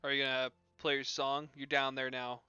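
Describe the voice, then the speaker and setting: A man's voice: medium pitch, little pitch movement, normal speed, pushed and bright, clean tone, highs cut off. A man running a tabletop game as game master, narrating loosely with lots of "like" and "um".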